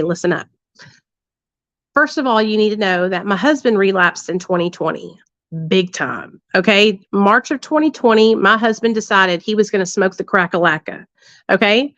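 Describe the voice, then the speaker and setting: In a dry, dull lo-fi recording, a livestreamer with a medium-pitched, slightly bright voice recounts a story to her viewers. She's candid, crude and blunt, sprinkling in lots of tag questions.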